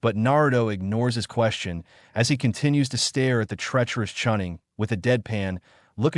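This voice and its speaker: A man narrating a fan story in an even, steady telling. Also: medium pitch, normal speed, no room sound, studio quality.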